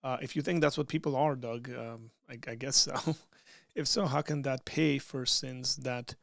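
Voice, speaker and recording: A man's voice: medium pitch, steady tone, moderate pace, vocal fry, a bit bright, dry recording, clean studio sound. A man hosting a casual livestream, reading out chat questions and answering them in a loose, conversational way with frequent restarts.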